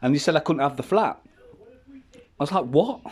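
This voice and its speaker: Speaking fairly quickly in a voice on the high side, this man vlogs from home while kids are nearby. He rambles through a personal story casually, swears a lot, and keeps starting over.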